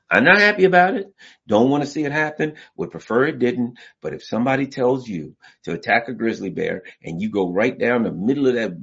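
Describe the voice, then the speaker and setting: A man delivers blunt, animated commentary, building comic analogies and slipping into voices as he goes. His voice is husky and swings widely in pitch. The recording is dull and lo-fi. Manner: blunt, storytelling, acts out voices. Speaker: political commentator.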